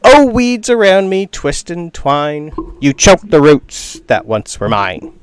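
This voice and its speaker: A man voicing a tiny, swaggering male dandelion creature who declaims grandly and bosses people around in a weird little high voice. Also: very animated, takes it slowly. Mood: grand recital. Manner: grandly declaiming, bossy and flirtatious. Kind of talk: game master voicing a character.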